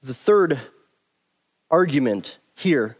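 A man's voice: fairly high pitch, animated, slow pace. A man teaching through a Bible passage verse by verse, stressing and repeating his key points emphatically.

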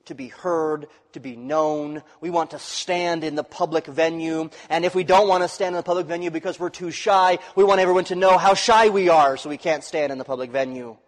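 A male pastor preaching a sermon, swinging from loud, rising emphasis to quiet, dropped phrases. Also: fairly high pitch, steady tone, brisk, few pauses. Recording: long reverb of a large hall.

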